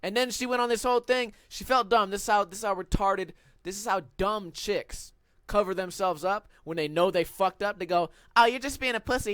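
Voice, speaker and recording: A young man telling a story on a casual podcast, swearing and ranting with animated energy. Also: sits high, brisk, smooth, no room sound. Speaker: podcast co-host.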